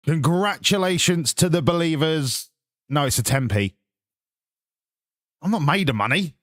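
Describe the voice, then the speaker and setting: A man's voice: a little high, animated, a little slow, long pauses, a bit bright, no room sound, studio quality. A man with an English accent streaming live, chatting casually and swearing while bantering with his viewers.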